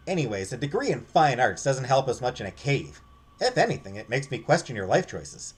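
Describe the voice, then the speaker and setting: Game voice: a man doing a bossy explorer woman with a sharp tongue, lively, a bit husky. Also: medium pitch, brisk. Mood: sarcastic. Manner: sarcastic, cutting. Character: sarcastic, bossy young female explorer.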